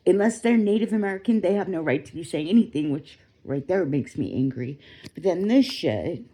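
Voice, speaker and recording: A woman's voice: fairly low pitch, expressive, normal speed, warm tone, slightly rough. A woman ranting in a rambling, indignant way, with swearing, recorded on a phone at home. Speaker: vlogger. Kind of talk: casual ranting commentary to a phone.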